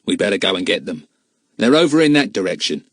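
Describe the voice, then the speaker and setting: A man voicing a cold, calculating villain who speaks in a flat, plain way. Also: low voice, fast talker, dry recording, studio quality, pitched below the performer's own voice, exaggerated voice.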